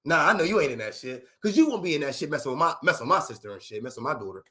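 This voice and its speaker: A man doing a gruff, nosy dad grilling a date. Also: a little high, sing-song, rapid-fire, bright, forceful tone, pitched below the performer's own voice. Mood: probing. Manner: blunt, suspicious, profane questioning. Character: nosy streetwise father grilling his daughter's date.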